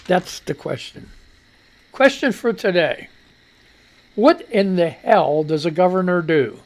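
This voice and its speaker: Slow, rambling male radio host. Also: sits high, lively intonation. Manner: rambling, chuckling often, crude asides. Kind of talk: casual rambling talk show.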